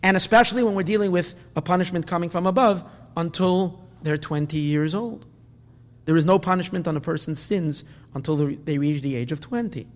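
Halting man teaching Talmud. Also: fairly high pitch, big-room sound. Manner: halting, many restarts, rhetorical questions. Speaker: Torah teacher. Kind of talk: Talmud lesson.

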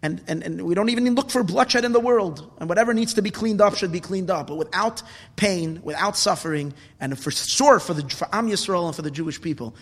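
A man giving an impassioned Torah talk as a rabbi, building at times to indignant shouts. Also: high-pitched, a little fast, in a large hall.

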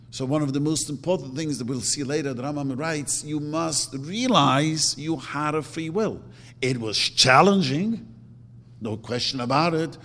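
A man's voice: mid-range voice, unhurried, fairly bright tone. A man teaching a religious lecture, emphatic, repeating his words and acting out quotes. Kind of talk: Torah lecture. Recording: long hall reverb.

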